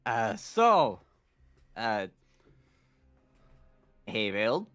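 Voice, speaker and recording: A man playing in a tabletop game, speaking hesitantly with halting starts. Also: on the low side, very animated, a bit bright, smooth, no echo. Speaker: player.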